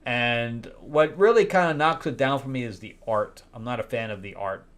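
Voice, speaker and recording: A man's voice: mid-range voice, normal speed. Candid wry male comic reviewer. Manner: candid and wry, with loud incredulous outbursts; hesitant, many fillers and restarts. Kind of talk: casual spoken review.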